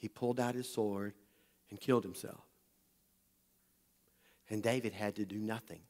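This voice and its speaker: A man preaching a sermon, retelling a Bible story with animated energy and calling on the congregation to listen up. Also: fairly low pitch, normal speed. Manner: animated, talks directly to the congregation. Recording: long hall reverb.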